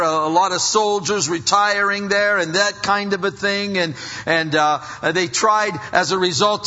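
A man's voice: high-pitched, sharp tone, big-room sound, muffled recording. A man preaching a sermon in a folksy, conversational way, full of fillers and restarts. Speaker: pastor.

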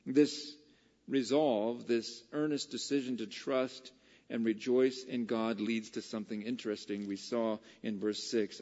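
A man preaching a casual, conversational Bible study sermon that builds to excited, emphatic peaks. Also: mid-range voice, a little slow, long reverb tail, highs cut off.

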